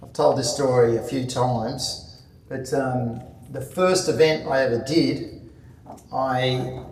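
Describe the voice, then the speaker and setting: A man's voice: mid-range voice, steady tone, slow pace, darkish tone, a little hiss or hum. A man telling casual stories to a club audience, rambling with many fillers and restarts. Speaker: guest speaker. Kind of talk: casual anecdotal talk. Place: club meeting room. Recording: echoey room, distant mic, faint ambience.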